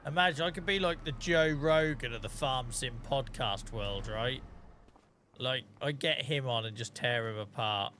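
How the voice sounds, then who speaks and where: Male streamer, jokey and rambling, bright forceful tone, faint background noise. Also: medium pitch, moderate pace. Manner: jokey, rambling, laughs often. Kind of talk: casual gameplay commentary.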